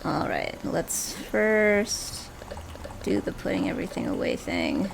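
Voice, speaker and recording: Lively, gravelly-voiced woman gamer. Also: on the low side, takes it slowly, background noise. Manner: chatty, talks to game characters. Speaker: video game player. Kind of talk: casual gameplay commentary.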